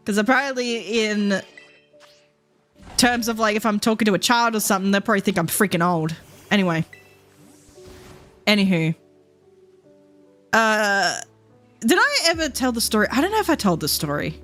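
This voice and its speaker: A woman's voice: mid-range voice, lively intonation, moderate pace, pauses often, a bit bright, faint music behind. A woman, telling rambling stories in a casual chat with her viewers, swearing freely and laughing often. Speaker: VTuber streamer.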